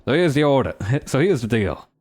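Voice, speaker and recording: A man's voice: mid-range voice, big pitch swings, fairly quick, a little mellow, faint music behind. A man voicing a boastful, cheerful male dwarf historian in a put-on Australian accent that drifts toward Cockney, with a jaunty, theatrical delivery.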